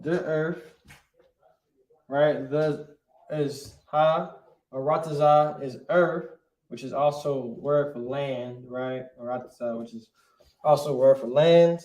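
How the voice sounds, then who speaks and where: A man teaching a casual online language class, checking in with "right?" after nearly every phrase and sounding out words slowly. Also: a little high, fairly even intonation, darkish tone, highs cut off. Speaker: Hebrew teacher. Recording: echoey room.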